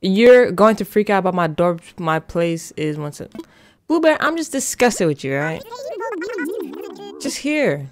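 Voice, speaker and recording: A woman giving casual gameplay commentary as a vlogger, excitable, rushed and playfully dramatic. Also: fairly low pitch, slight background noise. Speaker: gaming vlogger.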